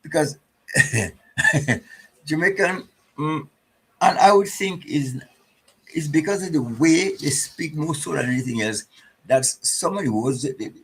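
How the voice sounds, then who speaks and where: Male radio guest, husky, emphatic, stumbles over his words. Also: fairly high pitch, expressive, measured pace, long pauses, fairly bright tone, rough recording. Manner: stammering restarts, emphatic, chuckling. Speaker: studio guest. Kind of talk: casual radio discussion.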